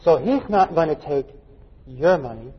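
A man's voice: fairly high pitch, lively intonation, unhurried, slightly rough. A male pastor preaching a folksy, joking sermon full of anecdotes, recorded in a dull, echoey church hall. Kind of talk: storytelling sermon.

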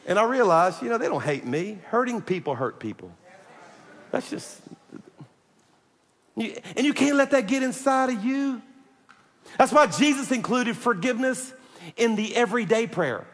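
High-voiced animated preacher man. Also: normal speed, long pauses, in a large hall. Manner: animated, joking and emphatic, addressing the congregation. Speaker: pastor. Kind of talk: sermon.

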